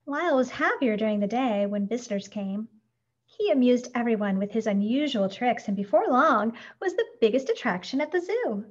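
A woman narrating a children's storybook in a gentle, expressive read-aloud. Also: fairly high pitch, moderate pace. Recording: dull lo-fi recording.

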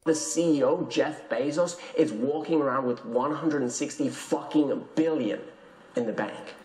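A man's voice: mid-range voice, measured pace, mellow. Indignant man in an echoey room. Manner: indignant, preachy. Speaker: online salesman in a video. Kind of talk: preachy video rant.

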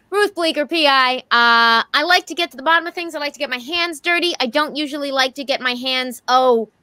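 A hard-nosed woman private eye, voiced by a woman, blunt and gruff. Her voice is high and jumps around a lot. It is crisp and bright, and the sound is dry. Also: dry recording. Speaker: player. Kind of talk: tabletop role-play.

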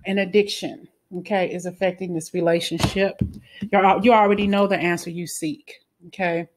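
Blunt, low-voiced woman reading tarot. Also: fairly even intonation, normal speed, slight background noise. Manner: blunt, swears freely, flares into angry outbursts; frequent "okay?" tag questions. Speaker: tarot reader. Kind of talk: casual tarot reading to camera.

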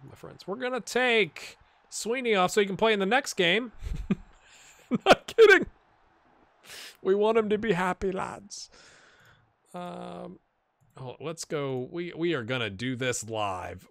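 A man giving casual, animated commentary while playing a football management game, cheering on and talking to his players. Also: sits high, creaky, dry recording. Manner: animated, talks to his players, puts on silly voices.

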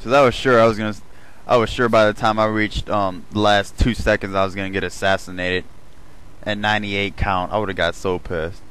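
A man giving live gameplay commentary, excitable and swearing freely. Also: fairly low pitch, a little fast, clear, resonant tone, rough recording. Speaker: gamer.

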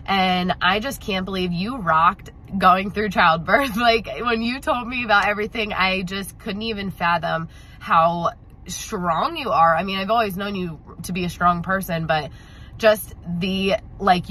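A woman's voice: medium pitch, bright, forceful tone, a little hiss or hum, low-quality recording. A woman recording a heartfelt video message for a friend, emotional and gushing, often repeating herself.

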